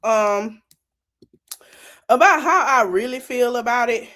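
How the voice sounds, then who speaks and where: Lady podcast host, kinda high voice, laid back slow talk, slangy and laughing a lot. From South Florida. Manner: animated, laughing, slangy and teasing. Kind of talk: casual commentary.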